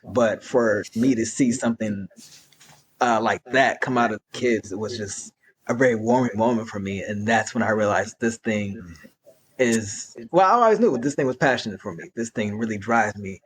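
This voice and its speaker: A man with a fairly low voice talks earnestly about his youth program. He pauses and rephrases as he looks for the right words. His tone is heartfelt and reflective. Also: husky. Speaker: youth program leader, guest. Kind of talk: reflective conversational storytelling.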